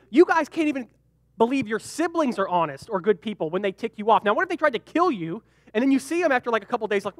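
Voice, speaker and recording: A young man leading a youth group Bible lesson, joking and animated, briefly acting out the characters in the story. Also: extremely high pitch, no echo. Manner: animated and joking, acts out quick character voices. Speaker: youth pastor.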